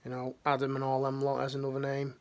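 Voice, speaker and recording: A man's voice: medium pitch, completely flat delivery, quick pace. A middle-aged man, talking earnestly and slangily, rambling with restarts in a motivational talk. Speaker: life coach, ex-military.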